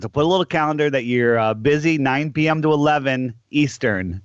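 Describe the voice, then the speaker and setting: A man hosting a call-in radio show, rambling casually with lots of restarts and drawn-out words. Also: on the high side, smooth, no echo. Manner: rambling, restarts often, stretches words out slowly. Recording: dull lo-fi sound.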